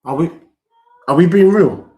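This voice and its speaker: A young man streaming a live football watchalong, reacting loudly and reading chat messages aloud. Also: fairly high pitch, a little slow. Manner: excitable, loud, reads chat messages aloud.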